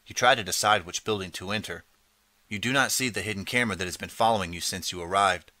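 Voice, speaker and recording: A man reading a second-person interactive audiobook in steady, measured narration. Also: deep voice, no echo.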